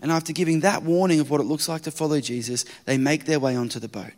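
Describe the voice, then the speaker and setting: A man preaching a sermon, swinging between loud urgent retelling and hushed quiet. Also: on the high side, fairly even intonation, fast talker. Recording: long hall reverb.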